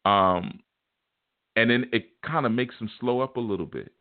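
A man's voice: medium pitch, moderate pace, no room sound. A man, talking as a spiritual teacher in a loose, conversational way that keeps coming back to "you know". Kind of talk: casual spiritual talk. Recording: tinny, phone-like, very dry.

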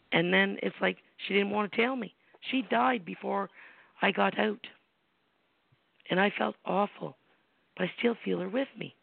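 A woman's voice: on the low side, vocal fry. A middle-aged American woman, a psychic medium hosting a call-in show, tells personal stories bluntly and emphatically, with salty language and rhetorical questions. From United States. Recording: tinny phone-line sound, dry.

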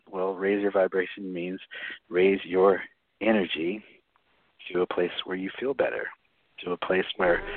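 Husky-voiced man on a tinny phone line. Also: sits low, no room sound. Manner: chatty, frequent "right?" tags and laughs. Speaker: guest author. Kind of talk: radio interview, explaining.

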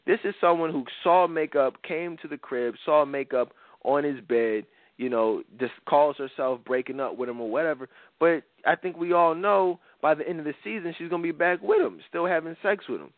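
A podcast host in his thirties runs a talk show, his voice on the high side at a normal speed. He gives blunt opinions in a rambling way, constantly saying "you know." The sound is dry and narrow, like a phone, with no echo.

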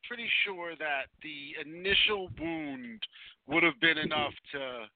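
A man's voice: on the high side, very animated, unhurried, creaky, no room sound. A man on a podcast chatting casually about a horror film, rambling a little while he picks apart holes in the story. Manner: rambling, nitpicks the story's logic. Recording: tinny phone-like sound.

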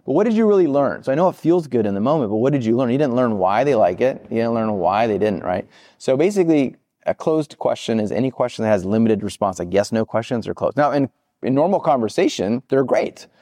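Male podcast guest, quick and animated delivery, dark low voice, dry sound. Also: dry recording. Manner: energetic, acts out quoted people in higher voices. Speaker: podcast guest, product expert. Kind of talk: conversational interview.

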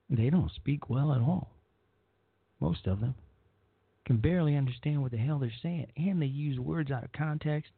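A man's voice: medium pitch, creaky, breathy edge, no echo. A man hosting a talk radio show, giving a blunt, rambling opinion monologue and often repeating himself. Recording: dry, phone-like narrow sound.

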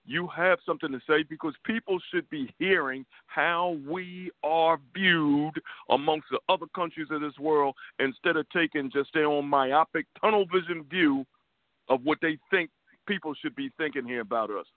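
A man's voice: a little high, normal speed, no echo. A man co-hosting a talk radio show, heated and profane, repeating words as he goes. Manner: stammering repetitions, heated and profane. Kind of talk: casual political talk radio. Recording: tinny phone line.

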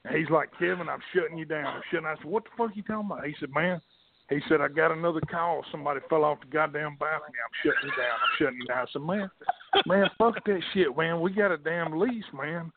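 Man, gravelly and fairly high-pitched, profane rambling storyteller, tinny phone line. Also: quick pace, noisy background. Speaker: wrestling promoter, guest. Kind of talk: casual storytelling.

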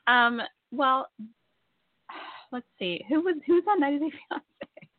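A woman's voice: high voice, animated, unhurried, no echo. A blunt, gossipy woman chats casually as a podcast co-host, laughing often. Her voice comes through a thin, phone-like line, and the sound is dry and close. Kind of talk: casual chat.

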